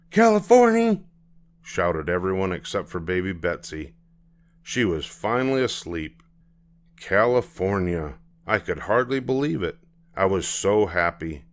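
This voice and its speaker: Sitting low in pitch, this older man's voice carries a children's picture book read aloud. He takes his time with the story, keeping it calm and measured.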